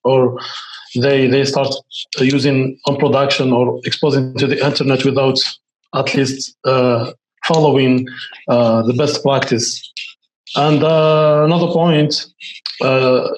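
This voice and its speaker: A man's voice: mid-range voice, level tone, slight background noise. Hesitant man in an echoey room. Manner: halting, hesitant. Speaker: guest. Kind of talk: casual video call interview.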